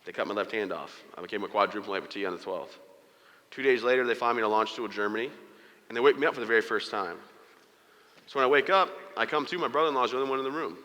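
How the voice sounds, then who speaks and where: Guy doing a motivational talk, quick and bright, jokes around, big echoey hall. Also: on the low side. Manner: candid, joking, acts out quoted dialogue. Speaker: motivational speaker. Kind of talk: personal storytelling speech to an audience. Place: large event hall. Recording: hall reverb.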